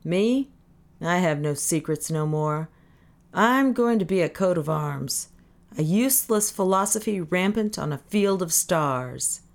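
A woman's voice: fairly low pitch, animated, unhurried. A woman voicing a drunk, good-natured but needling ship captain who talks in a boisterous, mocking, slurred way. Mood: jovial.

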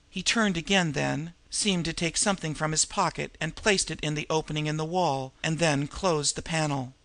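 A man narrating a crime novel as an audiobook, in a steady, measured reading. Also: a little high, vocal fry, dry recording.

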